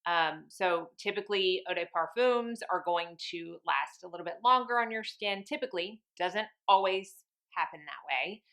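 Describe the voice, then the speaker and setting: Bright-voiced chatty woman. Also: lowish voice, moderate pace, hardly any pauses. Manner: chatty, folksy, self-deprecating. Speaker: beauty vlogger reviewing fragrances. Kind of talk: casual chat.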